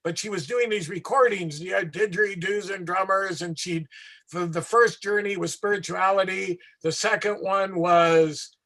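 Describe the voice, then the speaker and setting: Animated street performer dude telling stories, high voice, bright and punchy, keeps going off on tangents. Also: male voice, normal speed. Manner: animated, acts out voices, trails into asides. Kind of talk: anecdotal storytelling in an interview.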